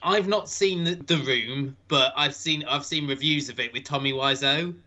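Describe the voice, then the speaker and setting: A man's voice: mid-range voice, normal speed, bright, forceful tone. A man hosting a podcast, chatting casually and rambling through reviews with frequent self-corrections. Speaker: podcast host.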